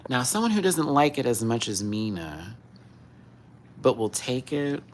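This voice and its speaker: A man's voice: mid-range voice, a little slow, a little hiss or hum. A man hosting a casual livestream, chatting and cooing in baby talk at his pets. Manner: sing-song, cooing, animated. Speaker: livestream host.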